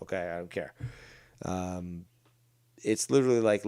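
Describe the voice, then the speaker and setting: A man's voice: lowish voice, big pitch swings, normal speed, vocal fry, pauses often, a little mellow, clear, resonant tone, no room sound. A man commenting on online drama during a livestream, mocking, sarcastic and full of profanity.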